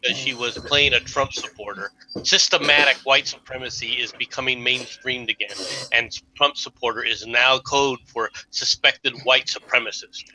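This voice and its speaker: Very bright-voiced American man. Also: mid-range voice, steady tone, normal speed, slight background noise, rough recording. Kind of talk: casual chat.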